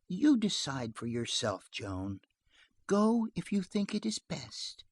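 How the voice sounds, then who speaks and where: A reader voicing a calm young mother who gently coaxes her child in a soft, restrained voice. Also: medium pitch, slow, breathy edge, no room sound, pitched above the performer's own voice, full character voice. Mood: gentle coaxing.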